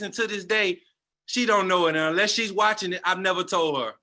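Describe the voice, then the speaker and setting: A man's voice: high-pitched, fairly quick, bright, forceful tone. A man telling a passionate personal testimony as a guest, in a storytelling manner.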